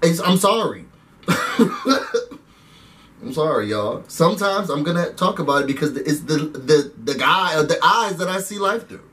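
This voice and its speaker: Man, high voice, chatty reality TV recap vlog, talks to viewers as y'all, a little far from the mic. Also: lively intonation, measured pace, a bit bright. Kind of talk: casual recap rant to camera.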